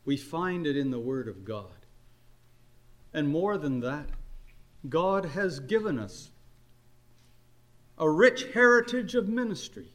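An older man preaching a sermon, earnest and unhurried, his voice climbing on emphatic questions. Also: fairly high pitch, animated, a bit bright. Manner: earnest, slow exhortation with rising emphatic questions.

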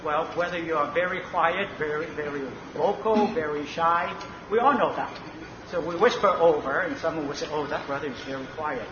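A man's voice: fairly high pitch, moderate pace. A man earnestly asking questions in a Bible discussion. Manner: earnest, searching, asks questions. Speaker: participant in a Bible study. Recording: roomy, muffled, noisy room recording.

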